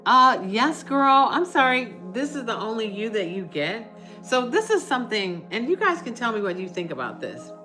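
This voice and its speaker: Bright, chatty woman hosting a livestream. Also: medium pitch. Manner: chatty and reassuring, reads out viewer comments. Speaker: livestream host. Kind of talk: casual live chat with viewers.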